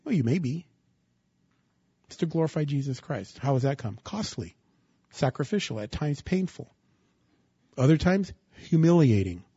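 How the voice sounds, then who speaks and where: A man preaching a sermon, asking the congregation rhetorical questions and rising into loud bursts of emphasis. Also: on the high side, husky, no room sound, lo-fi sound. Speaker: pastor.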